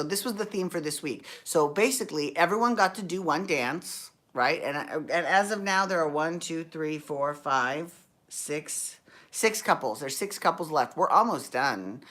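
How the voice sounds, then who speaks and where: A woman with a deep, low voice chats through a TV show recap. Her delivery is sassy and campy, full of gossipy slang. She rambles and corrects herself as she goes. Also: fairly bright tone. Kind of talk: casual TV recap chat.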